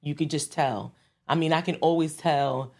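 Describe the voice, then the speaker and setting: Low-voiced New York woman, chatty. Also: normal speed, creaky. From the Bronx, New York. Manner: animated and laughing, with many restarts and fillers. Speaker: guest recording artist. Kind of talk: casual interview chat.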